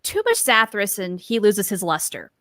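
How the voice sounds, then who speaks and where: A woman's voice: medium pitch, sing-song, normal speed, a bit bright, dry recording, studio quality. A woman co-hosting a podcast, chatting casually and laughing often into a mic with a pop filter. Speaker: podcast co-host. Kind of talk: casual chat.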